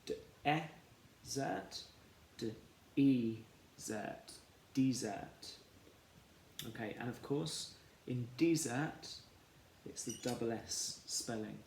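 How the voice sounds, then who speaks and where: Male teacher, slow, deliberate sounding-out of words for young learners, echoey room, faint background hum. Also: medium pitch, creaky, darkish tone. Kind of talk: phonics lesson for children.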